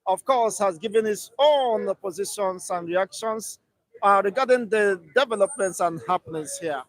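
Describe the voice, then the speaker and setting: A man with a Nigerian accent hosting a casual talk show and telling lively stories. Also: high-pitched, moderate pace, dry recording, low-quality recording. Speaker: host.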